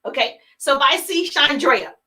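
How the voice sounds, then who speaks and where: Woman, business coach, live-streamed talk, bright and forceful tone, emphatic, repeats herself. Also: high voice, normal speed, poor audio. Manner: energetic and emphatic, repeats key points; acts out sample phone calls in a chipper voice.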